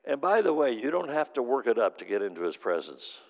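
A middle-aged man preaching a sermon as pastor, telling stories and swinging from hushed to loud. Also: medium pitch, big pitch swings, fairly quick. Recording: long hall reverb.

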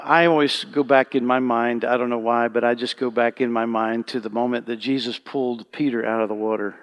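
Man, pastor, sermon, gravelly voice, medium pitch, hushed to fervent. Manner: moves from hushed prayerful murmur to loud fervent calls. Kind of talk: sermon with congregational worship.

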